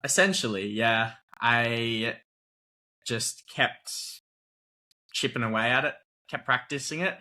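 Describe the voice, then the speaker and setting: A man's voice: mid-range voice, slow pace, pushed and bright. A young man from Australia, a guest actor chatting casually in an interview, laid-back and laughing often, with plenty of "like" fillers.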